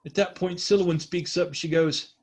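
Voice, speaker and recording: A man runs a tabletop role-playing session as game master, his voice sitting a little high. He rambles through descriptions, laughs often and stops to correct himself. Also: steady tone, normal speed.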